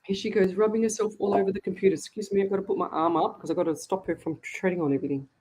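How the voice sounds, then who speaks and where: A woman's voice: medium pitch, fairly even intonation, racing, warm tone, breathy edge. An Australian woman with a mid-range voice hosts a live psychic show in a loose, chatty way. She talks straight to her viewers and calls them "guys." Her delivery is frank and conversational. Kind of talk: casual live-stream chat.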